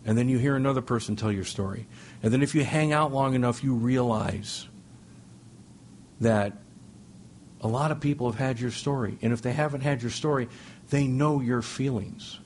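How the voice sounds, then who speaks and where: A middle-aged man speaking to a recovery meeting, telling stories with jokes and sudden excited jumps in his voice. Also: normal speed, a little hiss or hum. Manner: animated, joking, with sudden high-pitched exclamations. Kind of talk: humorous storytelling share. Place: speaking before a meeting audience.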